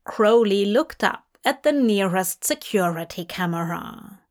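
A woman reading fanfiction aloud as an audiobook, in measured, gently expressive storytelling. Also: mid-range voice. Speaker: fanfiction reader.

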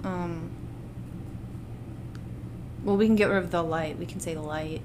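A woman's voice: fairly low pitch, steady tone, unhurried, noisy background. A woman co-hosting a podcast, thinking aloud in casual chat as she works out the lines and counts syllables. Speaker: podcast co-host.

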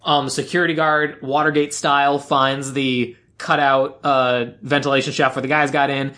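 A man co-hosting a podcast, casually and animatedly recapping a movie scene by scene and tossing in quick voiced quotes. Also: medium pitch, little pitch movement, bright, forceful tone. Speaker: podcast co-host.

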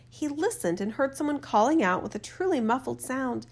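Woman reading a fairy tale aloud. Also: high voice. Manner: steady, measured reading. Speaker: storyteller. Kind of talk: storybook narration.

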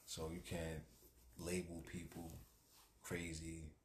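Deep-voiced laid-back man. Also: slow pace, roomy sound. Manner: laid-back, relaxed, laughs often. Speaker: podcast co-host. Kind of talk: casual chat.

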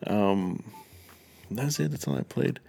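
A man's voice: fairly low pitch, animated, slow, vocal fry, warm tone. A young man chatting casually as a podcast co-host, rambling, swearing and laughing through his stories. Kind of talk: casual chat.

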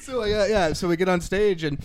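A man's voice: high-pitched, brisk. A young man on a podcast, telling a self-mocking story in a rambling way with stumbling restarts. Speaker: podcast guest. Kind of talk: casual storytelling. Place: podcast studio.

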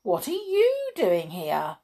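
An eager little male brownie from a storybook, as a woman reading aloud puts him on. His voice is lively and rises and falls a lot as he exclaims. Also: mid-range voice, takes it slowly, exaggerated voice. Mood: surprised.

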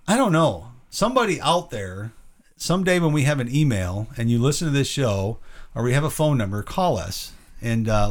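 A man co-hosting a Christian talk show, rambling through opinions and tagging points with rhetorical questions. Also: mid-range voice. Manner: rambling, rhetorical "right?" tags. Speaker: podcast co-host. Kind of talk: conversational Christian commentary.

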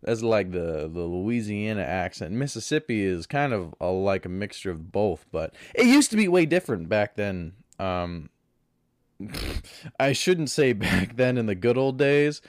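A man's voice: on the low side, sing-song, unhurried, dry recording, studio quality. A man from Florida hosting a solo podcast, laid back, rambling and crude in his chat. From Pensacola, Florida. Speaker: podcast host.

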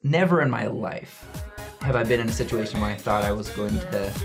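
A young man casually telling a story from his mission, animated and acting out the voices of people in it. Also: fairly low pitch, fairly quick, vocal fry, faint music behind. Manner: animated, acts out voices in quotes. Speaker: returned missionary.

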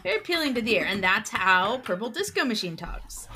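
Bright-voiced chatty woman co-host. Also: mid-range voice, very animated, a little fast, slight background noise. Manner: chatty, rambling with fillers. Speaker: podcast co-host. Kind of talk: casual chat.

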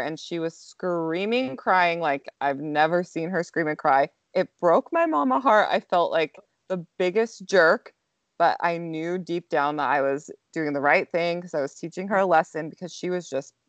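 A woman's voice: sits low, dry recording. A young woman and mother chatting casually on a podcast, telling a story with lots of "like" fillers. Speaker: co-host, mother. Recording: slightly dull, dry sound.

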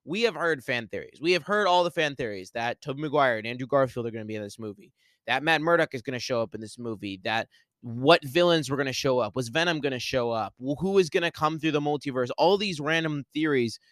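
A man hosting a podcast solo, talking excitedly and rambling, with lots of "like". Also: mid-range voice, fast talker, dry recording. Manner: excited, rambling, heavy use of "like". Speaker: podcast host. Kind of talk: solo movie spoiler talk.

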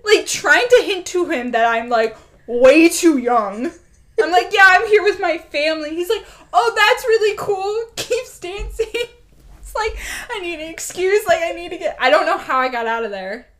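A young woman with a high voice co-hosts a casual podcast chat. She tells stories animatedly, filling them with "like" and laughter. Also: normal speed. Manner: animated storytelling, full of "like" and laughter. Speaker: podcast co-host.

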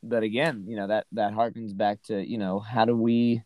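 Low-voiced man musing over scripture. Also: flat delivery, normal speed, a little mellow, dry recording, rough recording. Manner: rambling, full of "right?" and "you know". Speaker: Bible study podcast co-host. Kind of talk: casual scripture discussion.

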